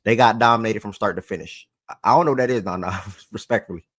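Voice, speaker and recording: Man, sports talk host, casual slangy chat, low voice, dry room. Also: quick pace, no echo. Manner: animated, repeats phrases for emphasis, slangy.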